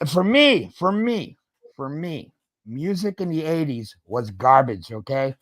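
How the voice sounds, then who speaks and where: Brief: high-pitched podcast host in his fifties, profane ranter, keeps saying "okay?". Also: big pitch swings, measured pace, a bit bright. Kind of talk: casual chat.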